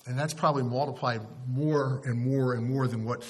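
A man's voice: mid-range voice, fairly even intonation, moderate pace, a little hiss or hum. A male pastor giving a sermon in a conversational storytelling way, often restarting his sentences.

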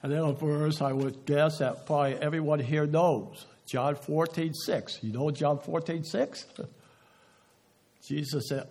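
Slow, husky-voiced male preacher. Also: fairly high pitch, steady tone. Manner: slow, emphatic delivery, drops to a hush on key words; asks the audience rhetorical questions. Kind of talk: sermon.

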